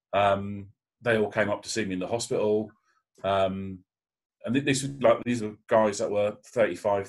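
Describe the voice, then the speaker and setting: A man with a fairly low voice speaks candidly on a panel. He tells his own story with feeling, often pausing and restarting his sentences. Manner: candid, emotional, halting with restarts. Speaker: panel guest. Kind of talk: personal story on a video call panel.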